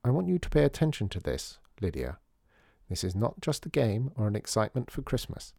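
A man's voice: on the low side, big pitch swings, a little fast, gravelly, dark tone, no echo, clean studio sound, exaggerated voice. A man reading a storybook voices a stern, precise elderly lady who speaks firmly and instructively. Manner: firm, instructive.

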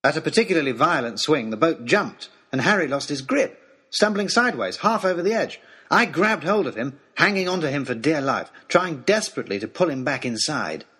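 A man telling a storybook adventure in the first person, reading with expressive, dramatic delivery. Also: fairly high pitch, a little fast, slightly rough. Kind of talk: scripted first-person narration.

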